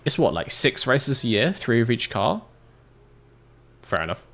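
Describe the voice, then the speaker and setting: A man's voice: medium pitch, very animated, measured pace, gravelly, a bit bright. A British man streaming a game, chatting casually with viewers, laughing often. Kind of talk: casual livestream chat.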